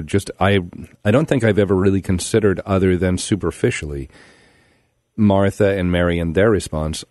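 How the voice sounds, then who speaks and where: Deep-voiced reflective radio host. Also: male voice, darkish tone, no room sound, studio quality. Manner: thoughtful, reflective questioning. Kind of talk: conversational radio interview.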